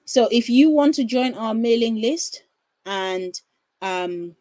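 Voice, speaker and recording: A woman's voice: fairly high pitch, animated, slow, a little mellow, dry recording, poor audio. A woman hosting a parenting livestream from home, chatty and reassuring, often putting questions to her viewers. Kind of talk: casual livestream talk.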